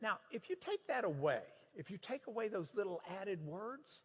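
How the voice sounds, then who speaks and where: Animated preacher man in reverberant hall. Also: high-pitched, moderate pace, husky. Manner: animated, explanatory, emphatic. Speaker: preacher teaching scripture. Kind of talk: sermon-style Bible teaching.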